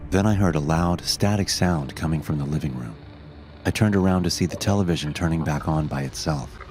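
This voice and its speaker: A man giving scripted horror story narration in a steady, measured way. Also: extremely low pitch.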